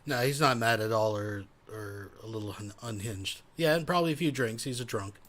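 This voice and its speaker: A man's voice: on the low side, brisk, fairly bright tone. A man hosting a reaction commentary, making sarcastic, profane asides about the clips he plays. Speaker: commentary host.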